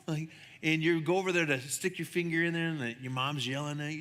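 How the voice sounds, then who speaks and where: A man preaching a sermon as a pastor, chatty and animated, acting out the voices in his stories. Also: brisk. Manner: conversational, animated, acts out dialogue with shifting pitch. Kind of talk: sermon with storytelling. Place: church sanctuary. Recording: long hall reverb.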